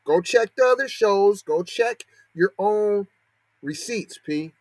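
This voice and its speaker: Sarcastic podcast guy ranting, kinda high voice, dry close sound. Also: expressive, slow, darkish tone, no echo. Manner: sarcastic, mocking, asks a string of rhetorical questions. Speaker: podcast host. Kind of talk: heated commentary on a news story.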